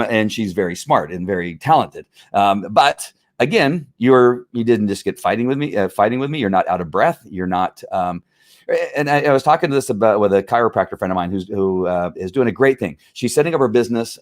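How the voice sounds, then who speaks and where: A man's voice: on the low side, expressive, a little fast. A middle-aged man hosting a live stream on police training, talking in an earnest, fired-up way with many restarts and fillers. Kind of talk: live-streamed casual talk.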